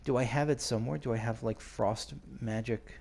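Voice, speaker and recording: Man, middle pitch, slightly gravelly; chatty game streamer, faint noise floor. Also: steady tone, normal speed, darkish tone. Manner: chatty, thinks aloud, reads in-game notes. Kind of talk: casual let's-play commentary.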